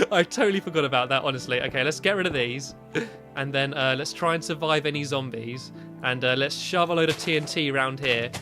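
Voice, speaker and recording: Excitable man narrating gameplay. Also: a little high. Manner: excitable, yelps and squeals when panicked. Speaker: gaming video host. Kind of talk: Minecraft let's-play commentary.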